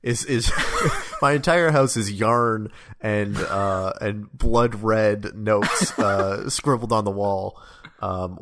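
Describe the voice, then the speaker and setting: Low-pitched man for a casual game podcast; hesitant, rambling delivery. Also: a bit bright. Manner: rambling, hesitant, with many ums and laughs. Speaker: podcast co-host or guest. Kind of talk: casual video game discussion.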